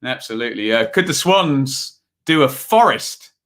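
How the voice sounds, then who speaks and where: A man's voice: medium pitch, animated, normal speed, a bit bright. A man from Ipswich hosting a casual football livestream, chatting with viewers and calling scores in a rambling way full of ums. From Ipswich, England. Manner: chatty, rambling, reads chat aloud, many ums. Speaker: livestream host. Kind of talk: casual live football commentary and chat.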